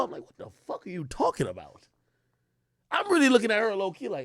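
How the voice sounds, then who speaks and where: Animated man ranting on a livestream. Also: very high-pitched, fast, creaky, dry recording, studio quality. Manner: animated, profane, storytelling with quoted voices. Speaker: streamer. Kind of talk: casual livestream rant.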